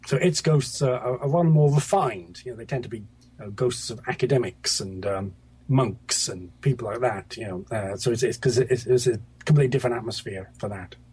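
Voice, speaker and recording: A man's voice: medium pitch, brisk, darkish tone, breathy edge. A middle-aged man from Scotland, a guest author talking over a video call, hesitant with many fillers and restarts.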